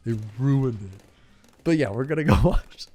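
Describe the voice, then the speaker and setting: With a mid-range, slightly mellow voice, a young man who runs a gaming channel chats his way through a video game at a moderate pace. He's expressive and rambling, leaning on fillers and tossing in asides.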